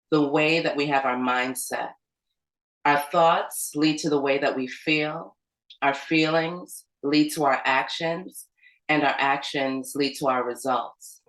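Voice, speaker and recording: A woman's voice: very deep voice, fairly bright tone, echoey room, poor audio. A woman, a community organizer, tells a personal story in a loose, conversational way full of "like" and "um". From United States. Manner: conversational, with fillers like "like" and "um". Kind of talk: storytelling talk at an organizing meeting.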